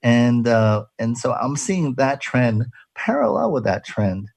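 A man's voice: mid-range voice, big pitch swings, slow pace, creaky, darkish tone, dry recording. A man hosting a casual radio talk show, chatty and jokey, rambling with restarts.

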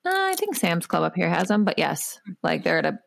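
A mother co-hosting a relaxed podcast chat, with a low voice that has a strong gravelly fry running through it. She tells stories with a teasing edge and is quick to laugh. The sound is dry and close to the mic. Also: no room sound. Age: adult, a mother. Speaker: podcast co-host. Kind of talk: casual chat.

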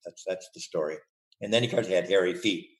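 An older man with a deep voice, speaking fast, is a guest on a casual podcast interview, telling playful, rambling stories and laughing often. The recording has a roomy echo.

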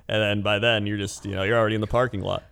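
A man co-hosting a casual chat, telling animated stories and mimicking people. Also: racing, creaky, smooth. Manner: animated storyteller, mimics people in high voices.

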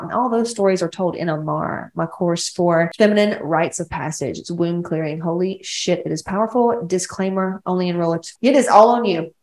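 A woman's voice: fairly low pitch, reverberant. A woman from West Georgia with a Southern accent hosting her own podcast, talking bluntly and rambling, with plenty of swearing. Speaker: podcast host, women's coach. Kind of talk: casual solo podcast monologue.

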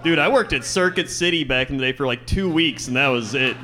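A man's voice: medium pitch, a little fast, pushed and bright, a little hiss or hum. A man co-hosting a live podcast, telling rambling, laughing anecdotes and acting out the people in them. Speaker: podcast co-host. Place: live venue stage.

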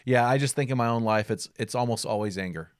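A man hosting an interview, reflective and quick with short agreements. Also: mid-range voice, dry recording, clean studio sound. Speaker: podcast host. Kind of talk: interview conversation.

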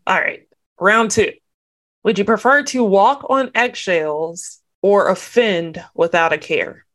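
A woman hosting a podcast, chatting candidly with quick asides. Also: mid-range voice, fairly bright tone. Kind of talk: casual podcast chat.

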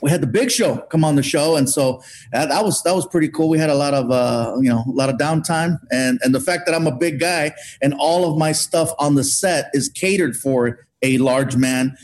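A man telling an animated comic story as a guest, acting out what people said. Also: on the high side, normal speed. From Mexican heritage. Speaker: guest comedian. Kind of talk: storytelling on a podcast.

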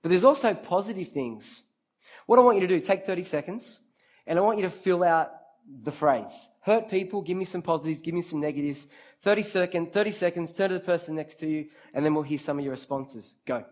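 A man's voice: high-pitched, fairly quick. A man giving an interactive sermon, speaking straight to his listeners, calling on them by name and repeating key phrases for emphasis. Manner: lively, talks straight to the crowd, calls on listeners by name. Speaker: preacher leading a youth group.

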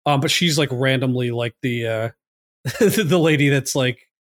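A man's voice: mid-range voice, a little slow, no echo, studio quality. A man hosting a casual movie podcast, rambling with lots of fillers and "like.". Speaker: podcast host.

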